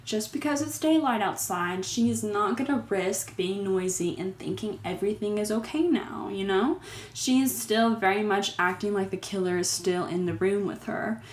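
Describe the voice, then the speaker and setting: A woman's voice: medium pitch, moderate pace, echoey room. Exasperated woman recapping a horror movie. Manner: exasperated, sarcastic commentary.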